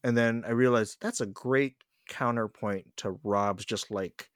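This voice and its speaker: A man co-hosting a casual podcast chat, animated, often acting out quoted lines. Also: medium pitch, a little slow, clean tone, no room sound, clean studio sound. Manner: animated, acts out quotes in voices. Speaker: podcast co-host.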